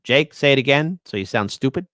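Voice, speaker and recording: A man hosting a casual commentary show, loudly mocking news clips with profanity. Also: mid-range voice, fairly quick, no room sound, studio quality. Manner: loud, mocking, profane, lively swings. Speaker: host reacting to news clips.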